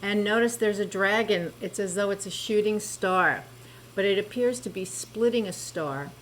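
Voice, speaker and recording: A woman giving a spoken tarot reading, gentle and reassuring, talking to the listener about cards and spiritual healing. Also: mid-range voice, normal speed, slight background noise, rough recording. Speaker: tarot reader.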